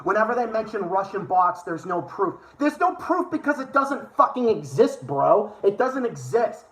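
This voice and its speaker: A man's voice: high-pitched, sing-song, moderate pace, fairly bright tone, roomy sound, low-quality recording. A man hosting a livestream and ranting over clips in a profane, sarcastic, exasperated way. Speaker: livestream host.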